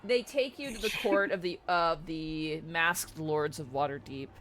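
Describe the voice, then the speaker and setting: Man, dungeon master, bright clear voice, a bit high, lively storytelling. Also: unhurried, a little hiss or hum. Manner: animated storyteller, voices the lords. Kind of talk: narrating a tabletop game.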